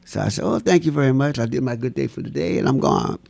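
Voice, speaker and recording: Man, interview guest, very gravelly voice, lively swooping pitch, animated storytelling, dry close sound. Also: fast. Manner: animated, laughing, acts out voices in his stories.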